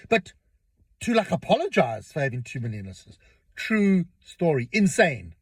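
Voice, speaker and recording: Animated husky man. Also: a little high, moderate pace, no room sound. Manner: rambling, repeats words, storytelling. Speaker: podcast host. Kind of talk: casual opinion monologue.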